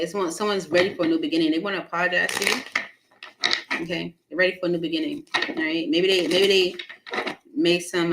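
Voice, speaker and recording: On a very noisy recording, a lowish-voiced woman runs a relaxed live tarot stream. Talkative and quick to laugh, she greets viewers by their names as she reads.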